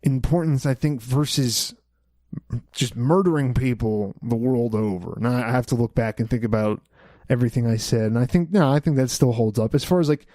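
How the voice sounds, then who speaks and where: A man's voice: mid-range voice, normal speed, dark tone, no echo, clean studio sound. A young man hosting a solo podcast, rambling through his opinions with many fillers and restarts. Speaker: podcast host. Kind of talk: casual solo podcast monologue.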